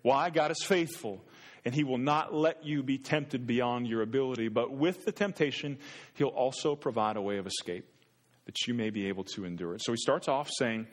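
A man's voice: medium pitch, moderate pace. A man preaching a sermon as a pastor, earnest and conversational, often restarting his words. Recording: long reverb in a hall.

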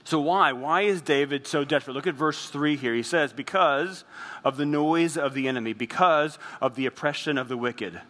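A man preaching a sermon as pastor, earnest, slowing down and dropping his voice on heavy phrases. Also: a little high, bright, forceful tone, big-room sound.

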